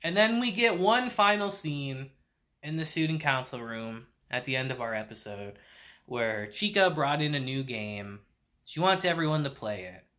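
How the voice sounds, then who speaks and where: A man's voice: mid-range voice, bright, forceful tone. A young man reviewing anime in a casual, chatty way, laughing often and swearing now and then.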